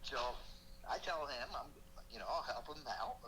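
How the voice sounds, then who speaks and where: Man, middle-aged, podcast guest, profane storyteller, lively pitch, slight background hiss. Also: normal speed, rough recording. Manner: profane, animated, acts out quotes loudly. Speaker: podcast guest, military veteran. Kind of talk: casual storytelling.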